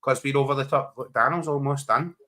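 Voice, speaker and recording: A man's voice: mid-range voice, fast talker, pushed and bright. A man co-hosting a football watchalong livestream, teasing his co-host with laughter and casual chat.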